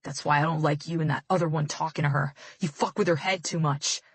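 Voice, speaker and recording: A woman's voice: sits low, steady tone, brisk, husky, no echo, pitched below the performer's own voice. A woman voicing a violent, drugged young man who hisses and snarls threats in an audiobook. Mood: menacing.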